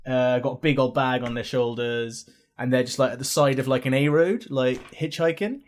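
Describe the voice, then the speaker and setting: A man's voice: medium pitch, moderate pace. A man acting as game master, narrating a tabletop game in a loose, casual way full of filler words.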